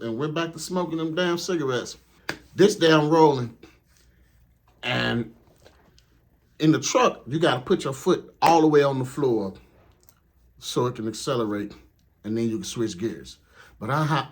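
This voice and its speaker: A man telling a comedic story about his trucking training in a casual, profane, slangy way. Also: medium pitch. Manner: profane, laid-back, slangy. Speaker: truck driver.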